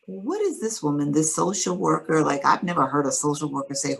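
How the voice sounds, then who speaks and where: A woman's voice: deep voice, expressive, a little fast, creaky, few pauses, rough recording. A middle-aged woman, an interview guest and author, earnestly recounting a personal faith story with quoted dialogue.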